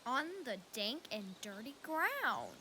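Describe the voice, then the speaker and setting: A young woman playing a mischievous male fairy servant, speaking slow deliberate verse with sudden loud outbursts, recorded at an outdoor youth stage performance. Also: fairly high pitch, huge pitch swings, noisy background, exaggerated voice. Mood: sly.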